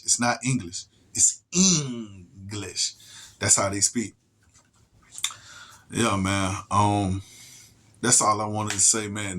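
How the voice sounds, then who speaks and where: A man's voice: medium pitch, a bit bright. A man delivering a heated, profane monologue rant to the camera as a vlogger, repeating and restarting his words and stretching out wordplay. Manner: drawn-out wordplay, slows down.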